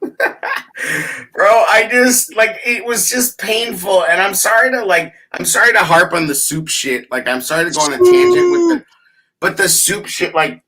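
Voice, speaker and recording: Animated, bright-voiced man in sports banter. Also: sits high, unhurried. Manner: animated, profane, laughing storyteller. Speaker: podcast host.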